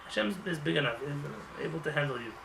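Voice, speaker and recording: Animated rabbi with a bright, gravelly voice. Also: male voice, fairly high pitch, a little fast, recorded from a distance, slight background noise. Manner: animated, acts out voices, jokes with the congregation. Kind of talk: sermon. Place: synagogue. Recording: roomy hall with faint ambience.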